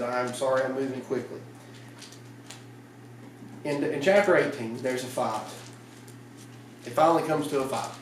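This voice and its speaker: A man preaching a casual evening sermon in a church, telling the story in a lively way and acting out the lines. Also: medium pitch, a little hiss or hum. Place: church sanctuary. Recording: roomy church sound from a distant mic.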